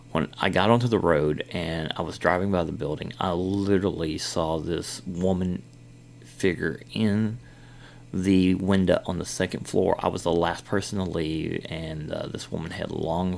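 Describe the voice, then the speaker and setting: A man's voice: low-pitched, creaky, slight background noise. A middle-aged man hosting a podcast, rambling through a personal story with lots of fillers and retold dialogue. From Kentucky. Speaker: podcast host. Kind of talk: casual storytelling.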